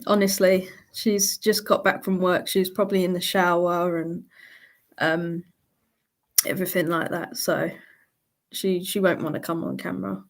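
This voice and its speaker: A woman's voice: lowish voice, level tone, measured pace. A woman hosting a casual live Q&A, chatty and laughing often as she reads out viewer questions. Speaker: livestream host answering viewer questions.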